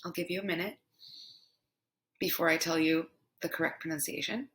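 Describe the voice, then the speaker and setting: A young woman teaching pronunciation in a language lesson, repeating each word slowly several times. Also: low voice, steady tone, fairly bright tone. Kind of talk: slow, repetitive language lesson.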